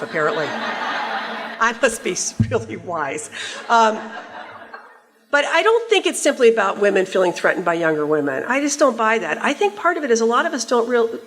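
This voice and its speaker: A woman in her sixties delivers a conference keynote in a large hall, telling stories wryly and conversationally while teasing the audience. Her voice is a little high and a bit bright, with slight background noise.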